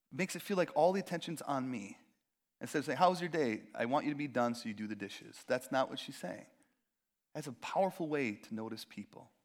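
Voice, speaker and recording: A young man preaching a sermon in a casual, conversational way, full of fillers and acted-out quotes. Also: mid-range voice. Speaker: pastor.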